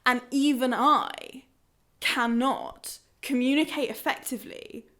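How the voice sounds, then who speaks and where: A woman's voice: high-pitched, steady tone, takes it slowly, a bit bright. Frank woman telling her story. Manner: frank and blunt, with frequent fillers and restarts. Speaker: podcast guest telling a personal story. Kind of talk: candid personal storytelling.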